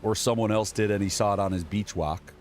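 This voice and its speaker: Sarcastic low-voiced male political streamer. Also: a little fast, a little mellow, soft background music. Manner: sarcastic, rambling, reads headlines aloud. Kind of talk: casual political commentary.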